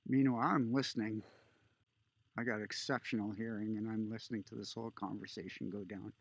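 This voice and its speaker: A man casually telling a personal story, relaxed and conversational with filler pauses. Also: on the low side, gravelly, slightly rough, no echo. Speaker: vlogger.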